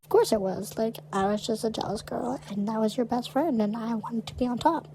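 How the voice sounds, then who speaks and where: A woman's voice: a little high, a little fast, slight background noise, rough recording. A young adult woman co-hosting a podcast, telling stories bluntly in casual chat. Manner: animated, blunt storyteller. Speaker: podcast co-host.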